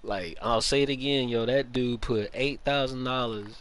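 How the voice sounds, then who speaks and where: A man's voice: mid-range voice, fairly even intonation, normal speed, fairly bright tone, slight background noise. A young man chatting casually while streaming a game, with loose slangy banter, greeting his chat and laughing often into a headset mic. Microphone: gaming headset.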